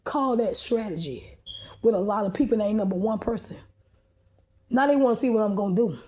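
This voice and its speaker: A woman's voice: mid-range voice, fairly quick, a little mellow. A woman filming herself in a rambling, agitated, profane rant. She often restarts and repeats words as she presses her complaints. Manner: agitated, profane, confrontational ranting. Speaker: vlogger posting a video. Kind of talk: rambling monologue to camera.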